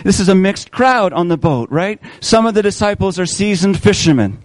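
A man preaching a sermon, asking his listeners questions and slowing down on key words to stress them. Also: high-pitched, animated, dry recording, rough recording. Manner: asks the congregation questions, slows for emphasis.

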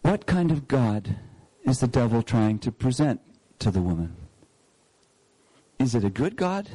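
Mellow-voiced man preaching a sermon. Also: mid-range voice, sing-song, unhurried, no echo. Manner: asks rhetorical questions and repeats key phrases. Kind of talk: sermon teaching through scripture.

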